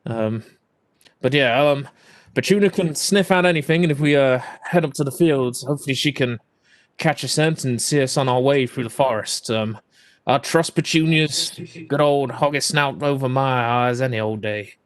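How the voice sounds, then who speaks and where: A man's voice: medium pitch, moderate pace, no room sound. A man narrating as game master, describing scenes and rules with plenty of ums and "kind of".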